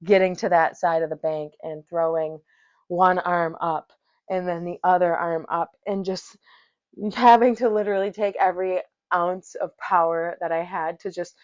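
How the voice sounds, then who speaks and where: A woman's voice: fairly low pitch, steady tone, moderate pace. A woman hosting a podcast, telling a rambling, profane story in casual talk. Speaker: podcast host, yoga teacher. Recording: dull lo-fi recording.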